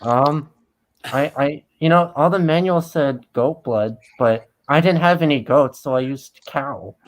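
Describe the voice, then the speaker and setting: A man on a casual comic livestream panel, cracking deadpan jokes. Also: on the high side, unhurried. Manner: deadpan joker. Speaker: stream co-panelist.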